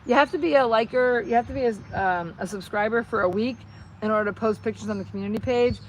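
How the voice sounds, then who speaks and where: A woman's voice: on the high side, quick pace, a little hiss or hum. Chatty New Jersey woman live-streaming. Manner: chatty, excitable, reads viewer comments aloud. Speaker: channel host. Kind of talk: casual live-stream chat.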